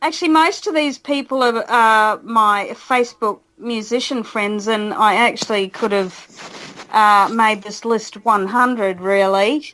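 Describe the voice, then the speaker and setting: A woman's voice: on the high side, a little slow, sharp tone, rough recording. A woman, a radio show guest, chatting in an upbeat, easygoing way. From Australia. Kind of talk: casual radio interview.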